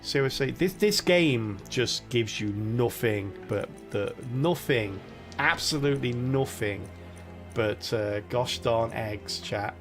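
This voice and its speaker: A man's voice: medium pitch, slow, fairly bright tone, faint music behind. A young British man casually commentating his game on a live stream, chatty and laughing often as he talks to his viewers.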